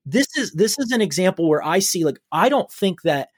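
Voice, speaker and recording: A man who is a pastor, telling an anecdote in an animated way in a podcast conversation. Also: high-pitched, fairly quick, few pauses, husky, no room sound, clean studio sound.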